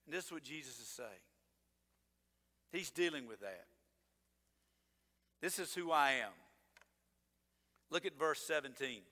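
A man's voice: on the high side, animated, measured pace, pauses often, sharp tone. A male pastor preaching a sermon in a conversational, emphatic way, breaking into sarcastic asides. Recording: long reverb of a church hall.

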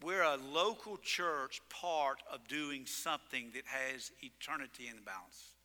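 A male pastor preaching a sermon in a church, telling stories in an animated way and hitting words with sudden loud emphasis. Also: medium pitch, a little slow. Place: church sanctuary. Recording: long reverb in a church sanctuary.

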